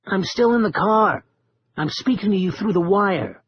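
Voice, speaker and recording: A man doing a high, earnest tech geek. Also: expressive, normal speed, slightly rough, lo-fi sound, exaggerated voice.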